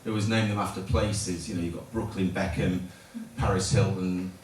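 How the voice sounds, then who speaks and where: A man's voice: low-pitched, steady tone, normal speed. A middle-aged man doing a stand-up set in a pub, rambling and stopping himself often before landing dry punchlines. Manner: rambling, self-interrupting delivery with dry punchlines. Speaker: stand-up comedian. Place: pub function room at a comedy night. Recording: echoey pub room, from a distance. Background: audience laughter and room noise.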